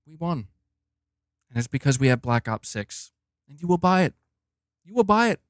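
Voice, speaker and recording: A man's voice: on the high side, sing-song, moderate pace, no room sound, studio quality. A man voicing a smug, gloating male gaming-company boss who taunts and repeats his boasts.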